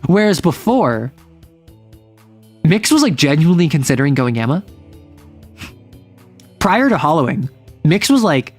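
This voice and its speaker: A man casually recapping a tabletop campaign he runs, rambling along with plenty of "like"s and little restarts. His voice sits a bit higher than most men's. Light music plays faintly underneath. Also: sing-song, measured pace, long pauses. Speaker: game master.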